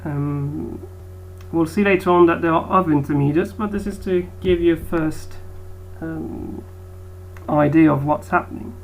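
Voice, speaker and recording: A woman's voice: low voice, steady tone, a little slow, darkish tone, soft background music, rough recording. Hesitant woman teaching a lecture. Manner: hesitant, lots of ums. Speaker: biology teacher. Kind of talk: recorded lecture.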